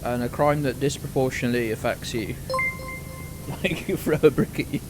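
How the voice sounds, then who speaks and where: A man's voice: medium pitch, brisk, over music. A man hosting a live game stream, joking and exclaiming as he reacts to chat. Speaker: streamer host.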